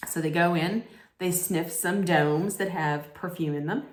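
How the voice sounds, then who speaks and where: A woman recaps a reality dating show in a casual, sarcastic vlog, cracking dry jokes. Her voice sits on the lower side and she talks at an unhurried, drawn-out pace. The sound is roomy and echoey. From United States. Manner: sarcastic, joking commentary. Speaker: vlog host.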